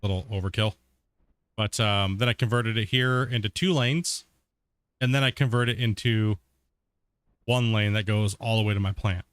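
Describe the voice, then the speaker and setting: A man casually talking while he streams a game, relaxed and rambling, often laughing. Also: lowish voice, normal speed, long pauses, clean tone, no echo. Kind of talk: casual live-stream commentary.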